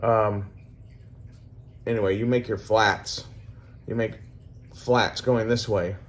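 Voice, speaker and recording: A man's voice: on the low side, fairly even intonation, takes it slowly. A man chatting casually and swearing freely while giving a workshop project update. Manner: rambling, profane, laid-back. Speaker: hobby swordsmith vlogger.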